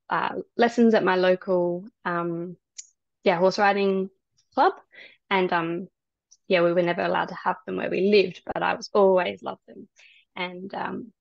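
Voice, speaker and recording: A woman guest on a podcast telling her story in casual chat, soft and hesitant with many ums. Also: medium pitch, creaky, no echo. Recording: dry, dull lo-fi sound.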